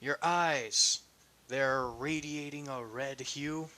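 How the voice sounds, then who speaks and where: A man's voice: medium pitch, takes it slowly, bright, forceful tone. A man voicing a playful, coy young goddess in a fan-made audio story, speaking in a fond, teasing way. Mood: curious.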